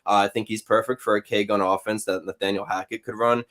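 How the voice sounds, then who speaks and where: A man giving measured, analytical commentary as a guest on a sports podcast, with frequent hesitations. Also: fairly low pitch, fairly even intonation, fairly bright tone.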